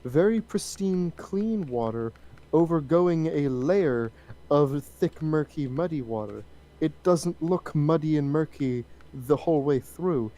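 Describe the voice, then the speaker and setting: A man in casual chat while gaming, asking teasing questions and pondering things out loud. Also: on the high side, expressive, slow pace, rough recording. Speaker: gamer on a multiplayer stream.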